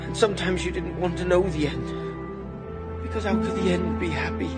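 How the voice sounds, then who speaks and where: An actor playing a loyal young male hobbit, speaking softly and earnestly to his friend. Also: sits high, fairly quick, over loud music, lightly acted. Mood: tender, earnest. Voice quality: soft, earnest storytelling delivery. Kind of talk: film drama acting. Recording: film clip under a loud orchestral score.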